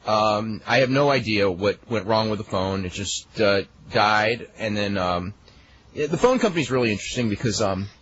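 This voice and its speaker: A man's voice: fairly low pitch, expressive, normal speed, a bit bright. A man hosting a talk radio show, chatting casually and telling rambling stories with chuckles. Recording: dull lo-fi archive radio with faint hiss.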